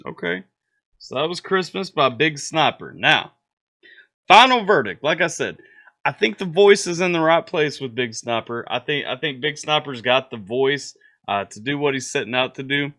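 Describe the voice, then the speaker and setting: A man's voice: a little high, expressive, normal speed, pushed and bright. Man giving a rambling, filler-heavy music critique. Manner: rambling, repeats words, many fillers; constructive, coaching tone. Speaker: music reaction host. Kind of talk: casual spoken music review.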